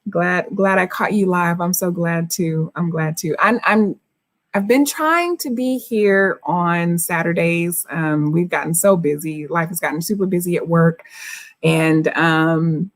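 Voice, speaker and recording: A woman's voice: on the low side, measured pace. A woman, a relationship coach chatting on a livestream, greeting viewers by name and laughing often.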